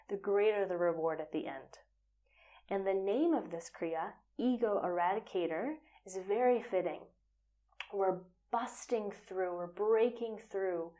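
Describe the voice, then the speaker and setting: A woman guiding a yoga and breathing practice at an unhurried, explanatory pace. Her voice sits in an ordinary middle range, and now and then it drops to a breathy whisper. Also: medium pitch, dark tone. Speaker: yoga teacher. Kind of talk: guided yoga instruction.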